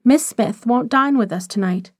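A woman's voice: on the high side, moderate pace, no echo, clean studio sound, close to an everyday voice. A woman doing an eager, impulsive young wife.

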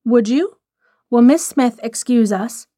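A woman's voice: a little high, expressive, slow, mellow, no room sound, clean studio sound. A woman voicing a polished, upper-class husband who speaks in a drawling, mildly teasing way. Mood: urbane.

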